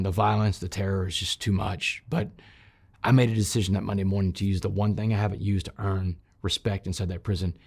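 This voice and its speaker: A man telling his personal story in an interview, shifting from loud, emphatic bursts to quiet, low passages and speaking straight to his listeners. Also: vocal fry, breathy edge. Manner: addresses listeners directly as "y'all". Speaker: interview guest recounting his past.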